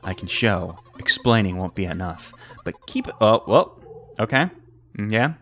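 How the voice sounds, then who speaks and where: A young man reading a text game aloud with playful commentary, jumping between squeaky high and low reading voices. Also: expressive, normal speed, fairly bright tone, a little hiss or hum.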